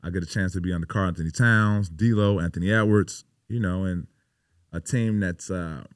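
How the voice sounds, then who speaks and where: A man's voice: sits low, moderate pace, no echo, clean studio sound. A man in his thirties, a pro basketball player guesting on a podcast, telling stories in a casual, emphatic way with lots of swearing and "you know" fillers. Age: 30s. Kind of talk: casual interview storytelling.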